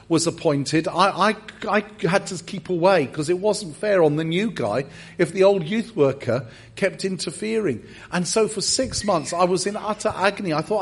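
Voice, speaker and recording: A man's voice: sits high, moderate pace, breathy edge. A middle-aged English man preaching in a church, telling a personal story with self-deprecating humor and frequent restarts. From England. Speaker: guest preacher. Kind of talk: storytelling sermon.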